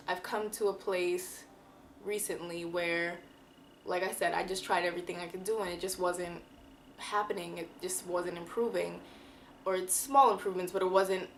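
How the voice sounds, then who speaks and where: Candid woman vlogging, low voice. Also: slight background noise, rough recording. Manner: candid and emotional, slangy, drawn-out words. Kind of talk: personal confessional vlog.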